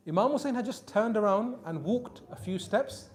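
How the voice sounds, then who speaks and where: A man preaching a Muharram sermon, telling stories with emphatic peaks that drop to soft, quiet lines. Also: high voice, lively intonation, normal speed. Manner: storytelling, rising to emphatic peaks then dropping soft. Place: mosque hall.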